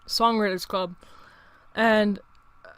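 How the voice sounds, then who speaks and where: A man's voice: high-pitched, fairly even intonation, takes it slowly, fairly bright tone, clean tone, no room sound. A young man in his late teens, hosting his own show in a rambling, profane casual monologue full of restarts. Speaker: show host.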